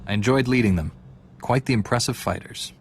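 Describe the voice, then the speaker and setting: A man voicing a calm, measured Jedi Knight in a game cutscene. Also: medium pitch, a little hiss or hum. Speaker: player character, a Jedi Knight. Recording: game audio with loud music behind.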